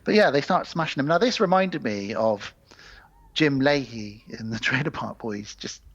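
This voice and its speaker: A man's voice: medium pitch, lively intonation, fairly bright tone. Man retelling a film plot, lo-fi audio. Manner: retells the plot with quick acted voices, swears casually. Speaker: podcast co-host. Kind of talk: casual film review chat. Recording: slightly dull, lo-fi podcast audio.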